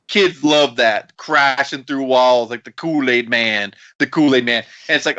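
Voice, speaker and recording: A man co-hosting a wrestling podcast in casual chat, animated and cursing often. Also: medium pitch, moderate pace, hardly any pauses, lo-fi sound. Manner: animated, swears often, puts on quoted voices. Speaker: podcast co-host.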